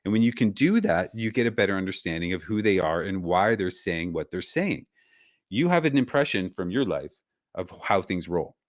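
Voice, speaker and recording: A man's voice: low voice, animated, moderate pace, dry recording, clean studio sound. A man hosting a podcast, talking in casual chat in an earnest, preachy, motivational way. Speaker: podcast host.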